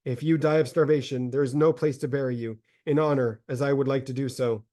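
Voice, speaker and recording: A man voicing a starving, grief-mad mother in a solemn, measured dramatic reading of a religious text. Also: medium pitch, fairly even intonation, dark tone, natural voice. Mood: desperate tender.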